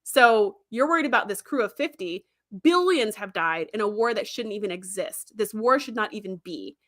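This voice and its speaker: Chatty woman host, casual livestream commentary, laughs often, sharp bright tone. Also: mid-range voice, expressive, normal speed.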